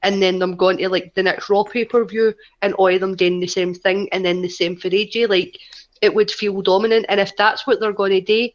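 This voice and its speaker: A woman's voice: medium pitch, steady tone, fairly quick. Woman co-host, casual rambling talker, lo-fi mic. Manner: rambling, sweary, lots of "like". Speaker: podcast co-host. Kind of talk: casual wrestling chat.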